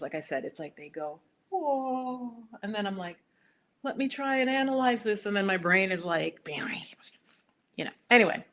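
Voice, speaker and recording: A woman hosting a spiritual talk, chatting casually with live viewers and acting out little conversations as she tells a story. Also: lowish voice. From United States. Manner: chatty and animated, acts out quoted exchanges. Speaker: spiritual video host.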